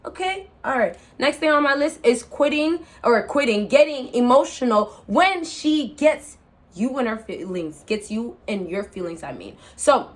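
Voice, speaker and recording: A woman's voice: a little high, expressive, unhurried. A young woman giving blunt dating advice in a casual vlog monologue. She talks in a preachy way and keeps apologizing. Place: indoors, seated in a rolling chair.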